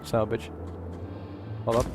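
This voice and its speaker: A man's voice: moderate pace, music in the background. A young man from Ukraine streaming a game, chatting casually in a rambling way, stammering, and swearing freely. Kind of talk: casual gaming chat.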